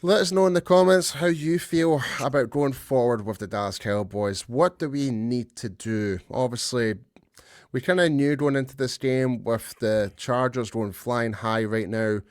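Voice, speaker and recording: A man chats loosely on a sports podcast and pokes fun at his own slips. His voice sits at an ordinary middle pitch. The sound is close and dry. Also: normal speed, no echo. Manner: chatty, loose, self-deprecating. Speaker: podcast co-host. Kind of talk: casual sports chat.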